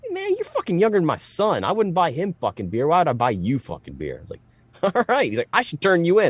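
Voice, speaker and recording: A man's voice: fairly high pitch, quick pace, slightly rough, no room sound. A man telling rowdy stories as co-host of a casual comedy podcast, swearing freely. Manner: swearing, animated storytelling.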